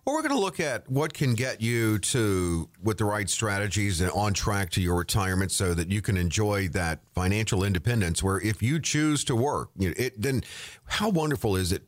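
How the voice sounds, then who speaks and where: A man hosting a radio talk show in a lively, promotional way, bringing in a guest and reading out contact details. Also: on the low side, normal speed, no room sound, clean studio sound. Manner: lively, promotional, reads phone numbers.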